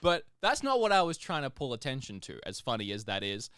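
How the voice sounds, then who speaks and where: Aussie guy cohosting a podcast, bouncy voice, smooth, dry close sound. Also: mid-range voice, a little fast, dry recording. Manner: animated storyteller, laughs often. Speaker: podcast co-host. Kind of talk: casual chat.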